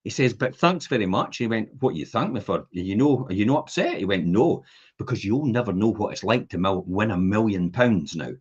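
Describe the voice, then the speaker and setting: A man hosts a casual podcast chat, slipping into voices as he tells stories. His voice is slightly husky and moves a lot in pitch. The audio is dull and lo-fi. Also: a little fast. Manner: animated storyteller acting out voices in anecdotes. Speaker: podcast host.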